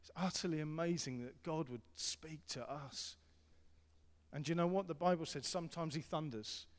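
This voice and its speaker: A middle-aged man preaching a sermon as pastor, earnest and repetitive, swinging between loud appeals and hushed tones. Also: fairly high pitch, moderate pace. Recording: long hall reverb.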